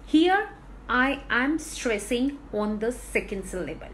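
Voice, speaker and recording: A woman leads a spoken lesson. She talks slowly and deliberately, repeating each word to drill the stress. Her voice sits a little high and swings lively up and down. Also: slight background noise, low-quality recording. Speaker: English pronunciation teacher.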